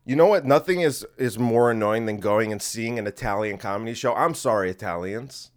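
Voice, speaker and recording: A man's voice: on the low side, fairly quick. Rambling, combative male podcast host. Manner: rambling, combative, talking to the listener. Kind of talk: casual comedic rant. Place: home room in a creaky chair.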